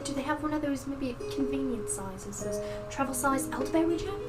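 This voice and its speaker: Playful woman player, a bit high-voiced. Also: expressive, brisk, recorded from a distance, loud music behind the voice, rough recording. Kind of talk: casual tabletop game chat.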